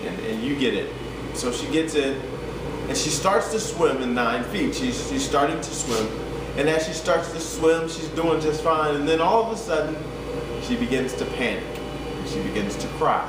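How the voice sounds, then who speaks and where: A man's voice: on the high side, expressive, normal speed. A man, a fitness coach, telling a story and turning it into a motivational talk, often repeating himself as he builds to urgent appeals. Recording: echoey room, voice from a distance, background hum.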